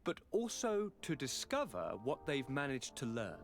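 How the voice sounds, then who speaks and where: A courtly noble governor. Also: male voice, medium pitch, huge pitch swings, soft background music. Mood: courteous. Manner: courtly, measured. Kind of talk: video game dialogue.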